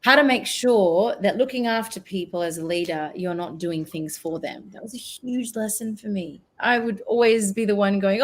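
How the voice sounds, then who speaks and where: A woman's voice: medium pitch, moderate pace, hardly any pauses. A woman with an Australian accent, a guest on an online talk show, talking earnestly and reflectively and trailing off mid-sentence. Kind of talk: casual interview chat. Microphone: video call.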